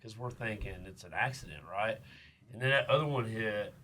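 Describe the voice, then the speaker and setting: A man's voice: fairly low pitch, normal speed, bright, forceful tone, a little hiss or hum. A man, hosting a casual podcast chat and telling a story with lots of fillers and restarts. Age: 30s. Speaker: podcast host.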